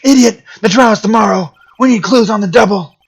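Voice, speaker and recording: A man voicing a gruff, loyal male police detective who barks and blusters at his underlings while reading game dialogue on a stream. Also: sits high, fairly even intonation, quick pace, pitched above the performer's own voice, exaggerated voice. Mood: angry barking.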